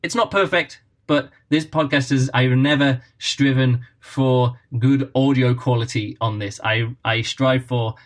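A man's voice: medium pitch, steady tone, measured pace, hardly any pauses. Rambling, chatty male podcast host. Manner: rambling, chatty, self-correcting. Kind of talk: casual solo podcast talk. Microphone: built-in laptop microphone.

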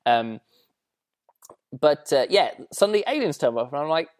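A man's voice: fairly high pitch, sing-song, moderate pace, darkish tone. An English man hosting a podcast, reviewing a book in a rambling, chatty way with lots of fillers and restarts. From England. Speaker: podcast host.

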